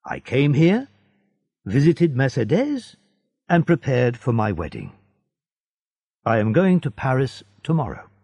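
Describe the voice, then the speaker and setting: Earnest, anxious young sailor with a husky, lively voice, read by a male narrator. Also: medium pitch, slow, pauses often, no room sound, heavily acted. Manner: earnest, pleading.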